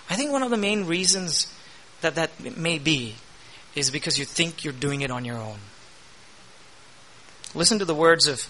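A pastor delivers a sermon in a high, very bright voice. He keeps asking the congregation questions and swings between hushed asides and loud, emphatic declarations. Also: moderate pace, long pauses, slight background noise, low-quality recording.

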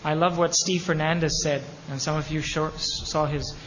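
High-voiced impassioned male preacher. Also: steady tone, moderate pace, slight background noise. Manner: impassioned preaching with sudden loud peaks and hushed drops. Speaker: pastor. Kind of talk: sermon. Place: church sanctuary. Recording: long hall reverb, faint ambience.

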